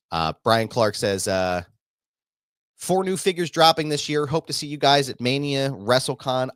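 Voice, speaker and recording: A man's voice: lowish voice, no echo, studio quality. A man hosting a live wrestling chat show, talking casually and laughing along with his co-host. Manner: animated, laughing, fan-like. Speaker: podcast host. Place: home studio on a live stream.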